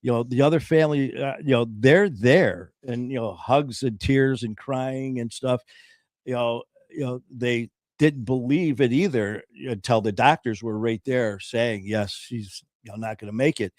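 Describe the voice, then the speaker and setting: An earnest man recounts his own story in a casual, halting way, often pausing with "um" and restarting his sentences. His medium-pitched voice is a little mellow, captured close and dry with no echo. When he quotes other people, he keeps his own voice.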